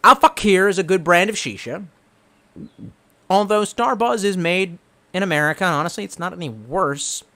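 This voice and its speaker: His voice is high-pitched, bright and forceful, at a moderate pace. A young guy from the Washington DC area, he reads out stream chat with profanity and sarcasm while steadily getting drunker.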